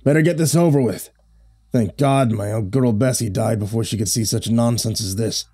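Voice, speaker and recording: A man's voice: mid-range voice, normal speed, mellow, slightly rough, lightly acted. A man voicing a weary old fisherman who talks bluntly and grumbles, in a horror story reading. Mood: grim.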